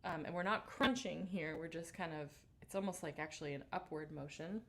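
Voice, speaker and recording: A woman singing teacher leading a guided vocal warm-up on a livestream, relaxed and encouraging as she greets viewers by name. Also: sits low, fairly quick.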